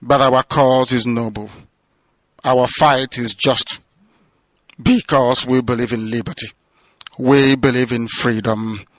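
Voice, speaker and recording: A man's voice: medium pitch, steady tone, takes it slowly, pauses often, fairly bright tone, dry recording, low-quality recording. A man delivering an impassioned radio address, declamatory and building to fervent crescendos. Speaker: radio broadcaster. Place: prison release, speaking from abroad.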